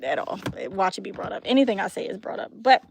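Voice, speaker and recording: A woman's voice: mid-range voice, lively intonation, fast, a little hiss or hum. A young woman chatting casually on her vlog, laughing often and trailing off with ums while she talks aside to her toddler. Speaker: beauty vlogger and mother.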